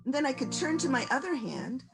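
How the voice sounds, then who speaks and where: A woman presenting a virtual conference workshop on stress reduction, talking in a gentle, folksy, conversational way as she coaches breathing. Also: high voice, big pitch swings, brisk, creaky, low-quality recording. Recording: music playing underneath.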